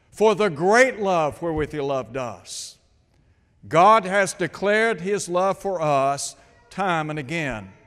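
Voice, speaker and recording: A man with a high, slightly bright voice preaches a sermon in a big, roomy space, quoting scripture and putting rhetorical questions to his listeners in a slow, deliberate manner.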